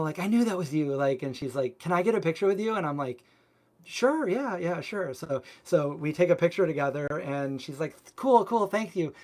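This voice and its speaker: A man's voice: mid-range voice, a little mellow. Rambling man chatting on a live stream. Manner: rambling storytelling full of filler words. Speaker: vegan cooking channel host. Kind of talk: casual livestream chat answering viewer comments.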